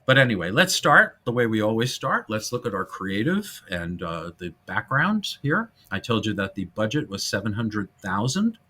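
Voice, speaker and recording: A man hosting a casual film-history podcast, animated and jokey, now and then breaking into silly voices. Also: lowish voice, moderate pace, hardly any pauses, breathy edge. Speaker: podcast host.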